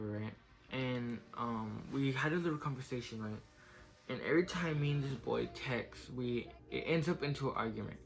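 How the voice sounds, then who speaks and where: A man's voice: medium pitch, fairly even intonation, measured pace, gravelly, pauses often, soft background music. A young man casually telling a personal story in a vlog, filling his talk with "like" and "right?", getting emotional and tearful as he goes on. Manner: casual, fills speech with "like" and "right?". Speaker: vlogger.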